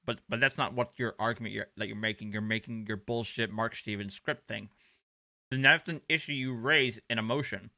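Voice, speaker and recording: A man's voice: fairly low pitch, fairly even intonation, fairly quick, pushed and bright, no echo, clean studio sound. A man streaming reaction commentary over court footage, sarcastic and profane, talking back at the clip. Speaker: livestream commentator.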